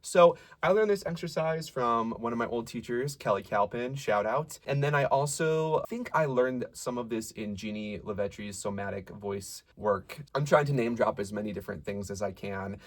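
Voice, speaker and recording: A young man coaching rock singers through vocal warm-ups, explaining calmly and sometimes singing short drills. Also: medium pitch, normal speed, few pauses. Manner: relaxed and encouraging, demonstrates sung warm-up drills. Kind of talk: singing lesson with sung exercises.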